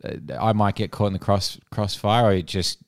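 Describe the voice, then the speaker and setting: A man with a smooth, lowish voice makes dry, teasing remarks on a casual podcast. His voice sounds close and dry. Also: level tone, fairly quick, no echo. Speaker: podcast co-host. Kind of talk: casual chat.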